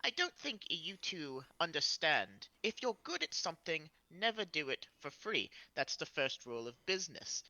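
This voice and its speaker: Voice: mid-range voice, normal speed, hardly any pauses, no room sound, low-quality recording. A tabletop player voicing a haughty mercenary who refuses to work without pay. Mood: lecturing. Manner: lively, scornful, lectures the party. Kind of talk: in-character tabletop role-play.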